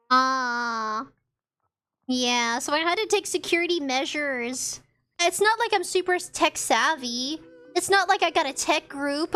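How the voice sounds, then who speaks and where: A woman VTuber chatting casually on a livestream, rambling and giggly, easily sidetracked while reading chat, her voice a little raspy. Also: high-pitched, bright, forceful tone. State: slightly raspy.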